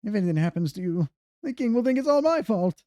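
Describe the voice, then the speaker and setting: A man's voice: big pitch swings, quick pace, warm tone, no room sound, clean studio sound. A man voicing a panicky male crab servant, reading game cutscene lines aloud in character. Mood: fretful. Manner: high, fretting, worried delivery.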